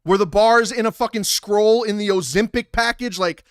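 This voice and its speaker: A young man hosting a livestream, ranting loudly and profanely about a rap feud while reading chat aloud. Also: high voice, normal speed, clean tone, dry recording, clean studio sound. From Italian heritage. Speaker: livestream host. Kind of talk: casual livestream commentary.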